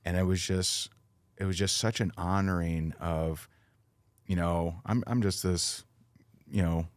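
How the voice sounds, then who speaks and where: A man's voice: sits low, fairly even intonation, unhurried, no echo. A middle-aged man talking as a podcast guest, telling an earnest, emotional personal story with many fillers and restarts.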